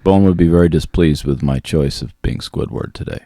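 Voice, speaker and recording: A man's voice: rumbling low, normal speed, mellow, no room sound, clean studio sound. A man co-hosting a casual podcast, wisecracking and swearing freely as he banters. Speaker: podcast co-host.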